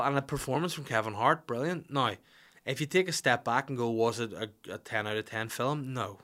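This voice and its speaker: A man in his thirties hosts a podcast, chatting casually into a studio mic. His talk is blunt and jokey, full of swearing, at an ordinary middle pitch. He reads listener questions and answers them off the cuff. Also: a little fast, fairly bright tone. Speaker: podcast host.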